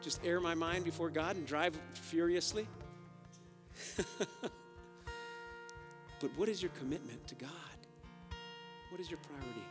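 Fiery high-voiced preacher in a reverberant hall. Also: male voice, measured pace, pauses often. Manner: energetic, swings from loud urgent exhortation to quiet emphasis. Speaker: pastor. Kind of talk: sermon. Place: church sanctuary. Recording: long hall reverb with faint guitar behind. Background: soft guitar music.

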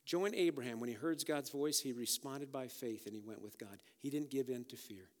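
A man preaching a sermon, energetic, swinging from loud urgent exhortation to quiet emphasis. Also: medium pitch, normal speed. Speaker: pastor. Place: church sanctuary. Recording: long hall reverb with faint guitar behind. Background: soft guitar music.

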